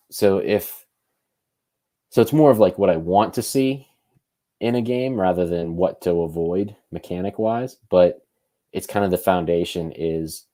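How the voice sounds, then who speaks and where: Man, very low pitch, mellow tone, relaxed podcast co-host who thinks out loud. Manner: thinks aloud, loose and conversational. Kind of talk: casual podcast chat.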